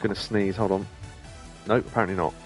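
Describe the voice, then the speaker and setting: A man streaming a game and chatting casually, rambling with many pauses and reading game lines aloud in playful voices. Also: on the low side, steady tone, faint music behind. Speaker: let's play streamer. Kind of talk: casual gameplay commentary.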